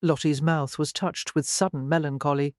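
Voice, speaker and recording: A narrator reads a romance novel in an even, measured way. The recording is dry and close, with no room sound. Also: medium pitch, no room sound. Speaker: audiobook narrator. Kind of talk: scripted narration.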